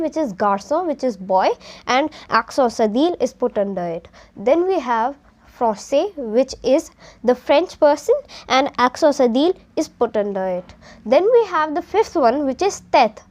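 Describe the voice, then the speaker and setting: A young woman with an Indian accent talks through a beginner French exercise like a patient teacher. Her voice sits high, and she explains each point step by step, slipping between Hindi and English as she goes. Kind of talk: explaining a textbook lesson.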